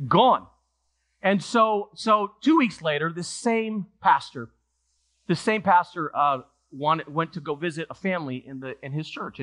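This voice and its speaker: Animated, high-voiced preacher telling a story. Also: male voice. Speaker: pastor. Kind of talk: sermon. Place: church sanctuary.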